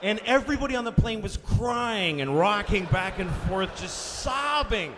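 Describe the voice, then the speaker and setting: A man doing stand-up comedy, telling a story in a profane, exasperated way that swings into shouting, recorded live in a big reverberant hall. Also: high-pitched, lively intonation, normal speed, noisy background.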